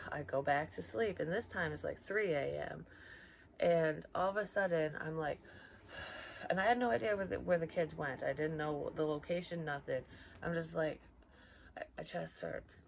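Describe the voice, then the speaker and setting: A middle-aged woman tells a story in a low, gravelly voice, chatty and rambling, swearing freely as she goes. She sounds like she is recording at home on a built-in mic, with a faint hiss in the background and a lo-fi edge. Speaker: psychic medium vlogger. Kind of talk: casual storytelling. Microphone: built-in mic, external microphone not plugged in.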